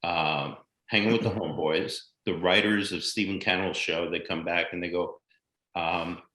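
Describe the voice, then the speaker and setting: An older American man tells career stories with animated, blunt energy and a few curse words. His voice sits fairly low. The sound carries a noticeable room echo. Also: moderate pace. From United States. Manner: animated anecdotal storyteller, blunt and profane. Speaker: guest actor. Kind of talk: casual storytelling interview.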